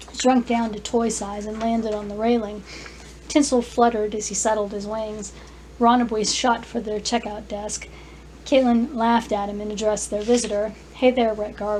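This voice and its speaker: A woman author reading her own fantasy story aloud, careful and clear, with small restarts. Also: mid-range voice, a little mellow, a little hiss or hum, poor audio. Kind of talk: scripted narration, story reading.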